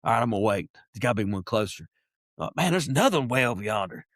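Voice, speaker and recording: A middle-aged man, a podcast guest chatting casually and telling lively stories, now and then imitating animal calls. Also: mid-range voice, fast talker, dry recording. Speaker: podcast guest, wildlife biologist. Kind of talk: casual interview chat.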